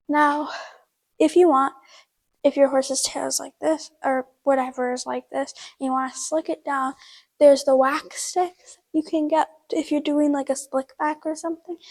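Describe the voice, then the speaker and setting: A woman's voice: high-pitched, darkish tone, rough recording. A woman hosting a horse-care video at a barn, explaining a braid in a chatty, casual way with lots of fillers while she works. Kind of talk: casual how-to demonstration.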